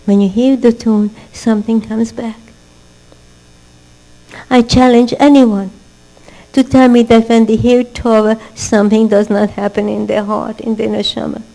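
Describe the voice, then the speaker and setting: A woman's voice: warm tone, rough recording. An older woman teaching a Torah class as a sermon, asking rhetorical questions, weaving in a family story, and building to emphatic exhortations. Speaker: religious teacher. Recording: low mains hum.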